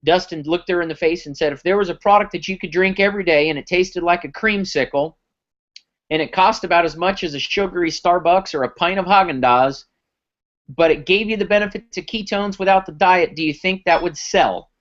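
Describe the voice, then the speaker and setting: A man giving a live sales pitch on a conference call, telling stories and acting out the dialogue. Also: fairly quick, a bit bright. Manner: storytelling, acts out dialogue. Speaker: company founder pitching product. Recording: muffled lo-fi recording.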